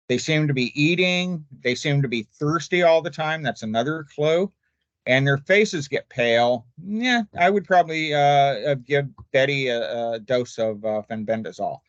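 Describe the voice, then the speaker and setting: A man's voice: medium pitch, a bit bright, dry recording, highs cut off. An older man, a poultry expert, talking casually and folksily in a seminar, with an easygoing, jokey manner. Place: remote virtual seminar.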